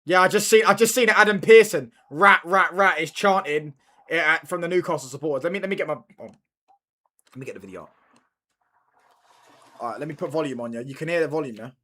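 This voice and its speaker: A man's voice: fairly high pitch, animated, fairly quick, pauses often, a bit bright. A young man chatting casually on a football watchalong stream, repeating his points and bantering with viewers. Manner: repeats lines, slangy banter with chat. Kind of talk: casual live-stream chat.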